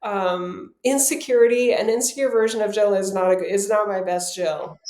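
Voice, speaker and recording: A woman co-hosting a podcast, telling a personal story in a casual, animated way, laughing often and acting out what people said. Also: mid-range voice, moderate pace, slight background noise. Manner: animated, laughs often, acts out quoted dialogue. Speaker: podcast co-host. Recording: roomy echo.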